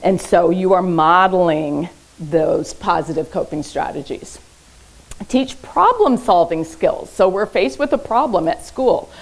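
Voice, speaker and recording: Woman, therapist leading a parenting workshop; low, gravelly register, chatty teaching style with frequent "okay?" check-ins. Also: lively intonation, unhurried, low-quality recording. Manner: conversational, often checks in with "okay?"; uses light humor while teaching. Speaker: therapist giving a parenting talk. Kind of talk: informal educational presentation. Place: public library event room.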